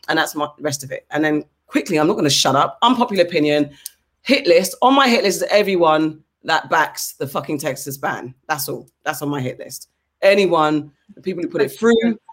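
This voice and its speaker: Woman host in her 40s, blunt and profane, casual podcast storyteller. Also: deep voice. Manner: blunt, swearing, animated storytelling. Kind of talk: casual chat.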